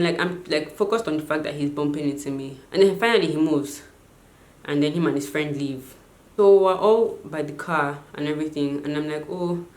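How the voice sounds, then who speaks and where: A young woman telling a storytime vlog in an animated way, full of "like". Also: low-pitched. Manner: animated, lots of filler "like". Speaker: vlogger. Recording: echoey room.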